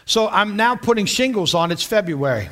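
A man's voice: high voice, expressive, normal speed, fairly bright tone. A man from western Pennsylvania preaching, telling a personal story with repeated words and check-ins with listeners. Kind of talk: sermon storytelling.

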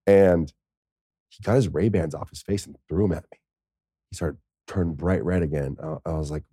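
An American man in his thirties, a podcast guest, telling stories in a casual, lively way, swearing now and then. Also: low voice, a little fast, husky, no room sound, clean studio sound. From United States. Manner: lively, swears, acts out quoted speech. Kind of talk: casual storytelling.

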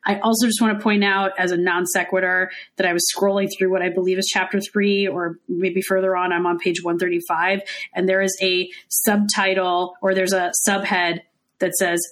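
A woman's voice: lowish voice, little pitch movement, a bit bright. Enthusiastic woman guest reading aloud. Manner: enthusiastic, reads quotes aloud, quick asides. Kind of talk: casual academic discussion.

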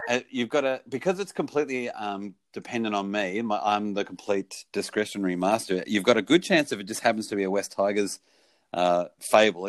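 A man's voice: lowish voice, no echo. A man hosting a casual podcast chat, wry and joking. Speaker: podcast host.

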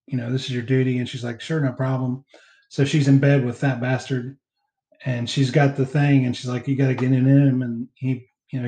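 A man hosting a casual movie commentary chat, rambling through scene recaps with fillers and quick laughs. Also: medium pitch, mellow, reverberant, poor audio. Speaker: podcast co-host.

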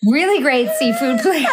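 A woman's voice: high voice, noisy background. A woman from Montauk co-hosting a podcast, chatting in crude, giggly banter. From Montauk, New York. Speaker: podcast co-host. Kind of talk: casual chat.

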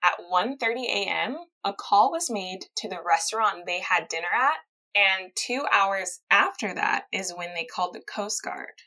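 A woman's voice: medium pitch, lively intonation, normal speed, sharp tone, rough recording. A woman hosting a casual podcast, recounting a true-crime case, reading quotes aloud and laughing easily. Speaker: podcast host telling a true-crime story. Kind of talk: casual storytelling chat.

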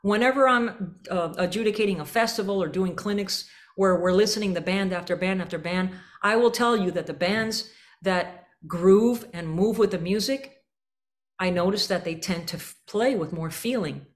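A woman coaching a school band through a rehearsal, energetic and singing out rhythms to demonstrate. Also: mid-range voice, moderate pace. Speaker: band clinician. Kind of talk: rehearsal coaching with sung examples.

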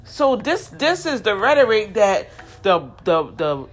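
A woman's voice: medium pitch, sing-song, a little slow, faint music behind. A woman in her fifties giving heated, indignant commentary straight to her viewers, often repeating words as she gets worked up. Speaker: vlogger.

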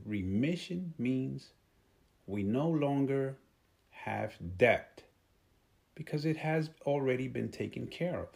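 A man preaching a sermon in a halting way, often repeating his words and chuckling at himself. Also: mid-range voice, creaky, darkish tone.

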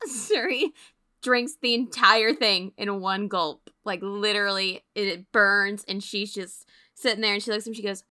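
A woman's voice: medium pitch, fairly even intonation, unhurried, pushed and bright, clear, resonant tone. A woman narrating her character's actions as a player in a tabletop game, often breaking into giggles. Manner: giggly, laughs between lines.

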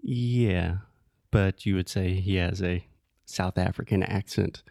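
Low gravelly man, patient explainer. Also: steady tone, slow, dry recording, clean studio sound. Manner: explains words patiently, corrects gently. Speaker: podcast co-host. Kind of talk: casual chat teaching English.

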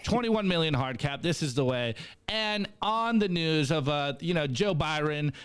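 Smooth-voiced excited podcast co-host man. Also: a little high, normal speed. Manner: energetic, preachy hype talk. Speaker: co-host reading memes. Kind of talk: enthusiastic podcast chat.

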